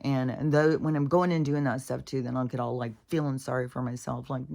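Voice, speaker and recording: A woman's voice: a bass voice, steady tone, normal speed, vocal fry, few pauses, darkish tone. A woman talking in a casual, rambling way, venting and swearing freely while worn out and in pain. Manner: profane, venting, full of fillers. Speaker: vlogger.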